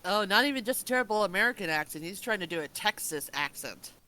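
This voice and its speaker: A bright, crisp voice on a casual review chat. The speaker giggles often and reacts with quick exclamations. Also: medium pitch, expressive, rough recording. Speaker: podcast co-host.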